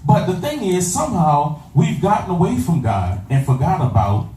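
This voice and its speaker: A man with a high-pitched, very animated voice preaches a sermon at a normal speed and with a warm tone. He works in call-and-response style, repeating phrases and asking the congregation "you understand that?" to check they follow. The recording sounds distant in an echoey room with faint ambience.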